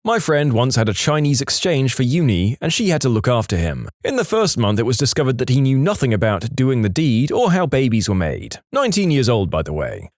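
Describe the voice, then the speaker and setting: A man narrating reader-submitted stories in a scripted, expressive way, slowing down to land punchlines. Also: mid-range voice, no room sound, studio quality. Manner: expressive, slows down to stress punchlines. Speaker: storytime narrator.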